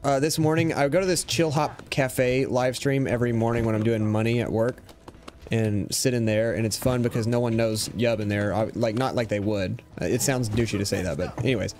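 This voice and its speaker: A man's voice: medium pitch, steady tone, a little fast, darkish tone, slight background noise. A young man chatting casually while livestreaming a game, telling stories and mimicking chat users. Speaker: streamer.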